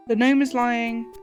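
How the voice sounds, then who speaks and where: A woman streamer reading a game's text aloud and puzzling through it in a chatty, playful way. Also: on the high side. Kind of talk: reading game text aloud and thinking out loud.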